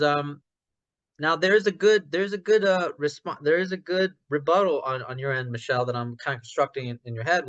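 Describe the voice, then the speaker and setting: A man in a casual online discussion who thinks aloud with many restarts and gets loud when passionate about ideas. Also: a little high, lo-fi sound. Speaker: discussion participant.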